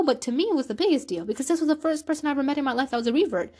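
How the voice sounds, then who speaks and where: A woman's voice: high voice, rapid-fire, a little mellow. Earnest woman telling a personal story. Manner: earnest, emotional, repeats phrases for emphasis. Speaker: Islamic vlogger.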